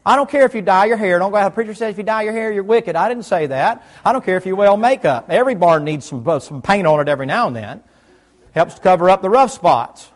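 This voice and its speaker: A middle-aged man, preaching a folksy sermon in church and quizzing his listeners. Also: high-pitched. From United States South. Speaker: pastor.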